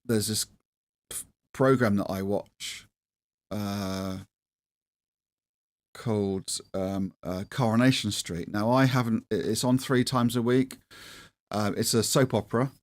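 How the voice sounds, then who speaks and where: A man's voice: fairly low pitch, fairly even intonation, slow pace, pauses often, dry recording. A middle-aged man hosting a livestream, chatting casually in a rambling, self-deprecating way with many restarts. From England. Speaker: livestream host.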